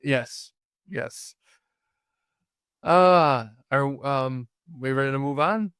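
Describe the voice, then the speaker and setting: On a review show, a podcast co-host chats casually about old comedies in a smooth, clear, fairly bright voice of medium pitch, drawing out his words. He rambles, often restarts sentences, uses fillers, and laughs easily as he recounts scenes. The recording is close and dry, with no room sound.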